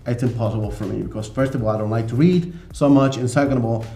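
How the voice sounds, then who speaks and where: A man co-hosting a podcast in casual chat, animated and acting out little scenes. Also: medium pitch, quick pace, gravelly, roomy sound. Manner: animated, acts out voices in his stories. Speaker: podcast co-host.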